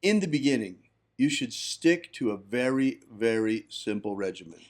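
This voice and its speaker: A man's voice: medium pitch, expressive, moderate pace. A man hosting a livestream and giving firm, instructive teaching on ritual practice. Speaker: host, magick teacher.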